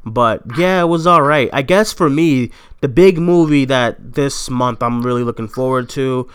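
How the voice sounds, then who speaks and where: A man's voice: mid-range voice, moderate pace, a bit bright, smooth. A man from Boston hosting a casual live chat, talking loosely with lots of fillers. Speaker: host.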